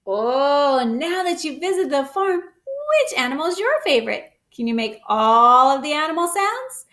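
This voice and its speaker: A woman hosting storytime, reading a picture book aloud to children in an animated, coaxing way with gasps and exclamations. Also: high-pitched, a little slow, echoey room. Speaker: storytime host.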